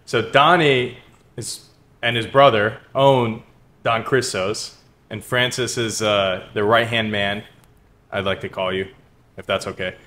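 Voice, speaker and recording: A man co-hosting a podcast from a cigar lounge, talking in a relaxed, chatty way with loose restarts. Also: on the low side, a little slow. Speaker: podcast co-host. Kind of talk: casual podcast chat.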